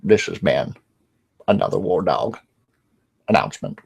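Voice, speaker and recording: A man using a much deeper put-on voice and accent for a mock-serious channel announcement. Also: sing-song, fairly quick, vocal fry, a little mellow, breathy edge, full character voice. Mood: theatrical. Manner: low, dramatic announcing.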